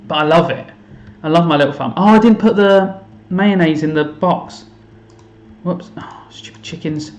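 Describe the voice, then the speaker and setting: A man's voice: a little high, reverberant, dull audio, slight background noise. A man chatting casually on a live stream while playing a game, self-mocking and thinking aloud to his viewers. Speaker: teacher streaming to students. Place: home room.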